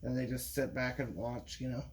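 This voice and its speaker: A man's voice: mid-range voice, level tone, moderate pace. Rambling man with faint background hiss. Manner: rambling, with frequent restarts and profanity. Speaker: vlogger. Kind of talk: rambling monologue.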